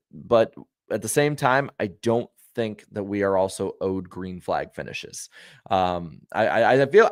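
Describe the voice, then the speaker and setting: A man hosting a racing talk show, giving frank opinions in casual, conversational pre-race chat and talking warmly to his viewers. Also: on the low side, no room sound, clean studio sound. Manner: friendly to viewers.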